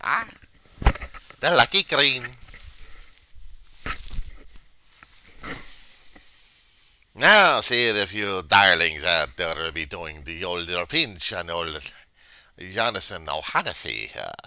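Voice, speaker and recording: A man's voice: rumbling low, moderate pace, pushed and bright, slight background noise, heavily acted. A man putting on a hammy mock Irish brogue as a jolly fellow greeting lads and lasses in a comic bit. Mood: hammy, teasing. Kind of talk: comic put-on accent bit.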